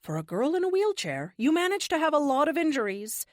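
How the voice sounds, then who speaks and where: A fierce, protective woman, as an audiobook narrator reads her, firm and close. Lively pitch and a dry, close sound. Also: brisk, dry recording. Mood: caring.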